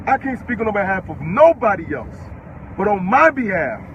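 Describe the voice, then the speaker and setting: High-voiced, furious eighteen-year-old man. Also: very animated, normal speed, highs cut off, a little hiss or hum. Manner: furious, profane, repeating his questions. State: upset and worked up. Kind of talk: angry live-stream rant.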